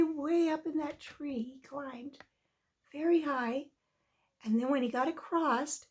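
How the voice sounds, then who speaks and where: Slow, high-voiced woman telling a children's story. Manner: expressive, drawn-out storytelling. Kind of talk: reading a children's story aloud.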